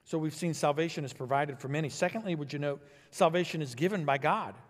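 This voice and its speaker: A man delivers a sermon from the pulpit. His voice sits a little higher than most and swells with emphasis before falling back to quiet, low phrases. Long reverb from the church sanctuary trails each line. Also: fast. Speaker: pastor.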